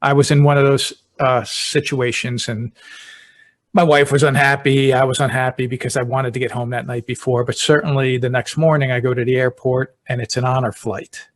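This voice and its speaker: A middle-aged man, a deputy fire chief, hosting a podcast and telling a personal story in a relaxed, conversational way. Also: medium pitch, moderate pace. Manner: relaxed, talks through anecdotes step by step.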